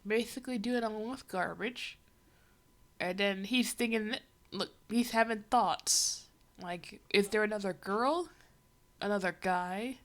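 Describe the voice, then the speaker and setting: A woman livestreams herself reading a comic aloud, offering a rambling, wry running commentary full of fillers. She speaks in a mid-range voice, unhurried.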